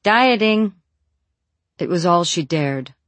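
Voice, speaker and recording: An audiobook narrator reading a novel in an even, measured way. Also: medium pitch, dry recording.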